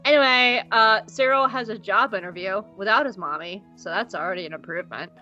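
A woman's voice: medium pitch, a little fast, sharp tone. A woman co-hosting a podcast who gives a casual, rambling and giggly episode recap, swearing freely. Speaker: podcast co-host. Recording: slightly dull podcast audio, faint music.

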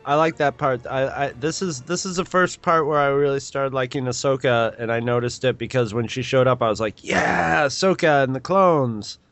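A man's voice: mid-range voice, fairly even intonation, brisk, few pauses, a bit bright, smooth, soft background music. A man co-hosting a casual podcast, talking in a rambling way with frequent restarts. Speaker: podcast co-host. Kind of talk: casual chat.

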